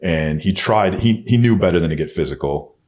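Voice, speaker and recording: Very deep-voiced man telling his story bluntly. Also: lively intonation, fairly quick. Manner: blunt and profane, often swearing; turns soft and hushed when quoting himself. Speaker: podcast guest. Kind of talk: candid personal storytelling.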